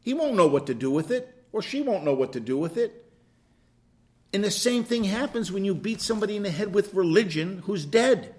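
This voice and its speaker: Guy teaching a bible class, kinda high voice, gets loud then goes hushed acting stuff out. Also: brisk. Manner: animated, plays out quoted dialogue with swings from loud to hushed. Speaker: Bible study leader.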